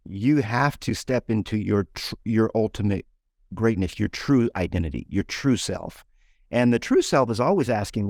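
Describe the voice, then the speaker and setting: A man's voice: lowish voice, darkish tone, dry recording, studio quality. A man in a casual interview who talks animatedly, acting out imagined inner dialogue and often repeating words as he restarts. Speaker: guest entrepreneur and author.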